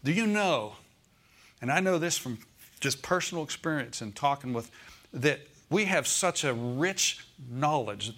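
This American pastor's voice sits on the high side with a fairly bright tone. Preaching to the congregation in a church sanctuary, he stresses his points, repeats key phrases, and checks whether the room is following.

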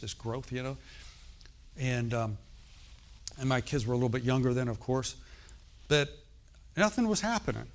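A middle-aged man preaching a sermon in a conversational way, often checking in with "okay?" and "amen". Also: medium pitch. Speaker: pastor.

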